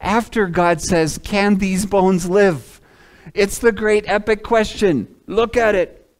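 A man preaching a sermon as a pastor, swinging from loud emphatic lines to hushed ones and acting out quoted speakers. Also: high voice, slow. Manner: acts out the prophet's and God's words in quoted asides.

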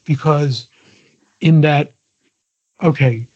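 A man's voice: on the high side, extremely slow, darkish tone. An older man, a guest in a casual interview, talking in a digressive way with many restarts and chuckles. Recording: dull lo-fi audio.

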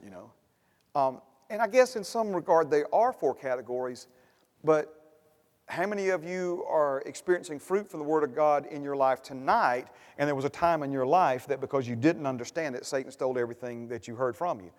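A man's voice: fairly high pitch, moderate pace, a little mellow. A man preaching a sermon as pastor, building to emphatic bursts and repeating refrains. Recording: long hall reverb.

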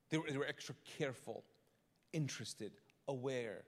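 A man preaching a live sermon as pastor, animated and joking, often restarting his sentences and acting out what people in the church say. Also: mid-range voice, brisk. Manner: animated, joking, frequent restarts, acts out congregants' lines. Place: large church auditorium. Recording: long hall reverb.

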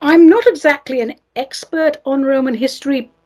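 A woman's voice: high voice, moderate pace, darkish tone. A woman from England, hosting a radio show and reading listener letters in a playful, theatrical, sing-song manner.

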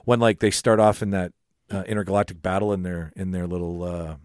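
A man co-hosting a podcast in casual chat, animated, laughing and swearing freely. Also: deep voice, a little fast, smooth, no room sound, studio quality. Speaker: podcast co-host.

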